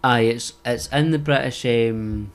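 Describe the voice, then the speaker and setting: Man, podcast co-host, casual chat, agreeable, rambling, mid-pitched voice. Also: measured pace. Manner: agreeable, rambling, frequent fillers.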